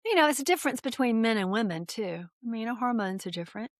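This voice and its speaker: A woman's voice: on the high side, expressive, quick pace, no echo, studio quality. A woman co-hosting a podcast in casual chat, playful and teasing. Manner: playful, laughs along, teasing. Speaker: podcast co-host, host's mother.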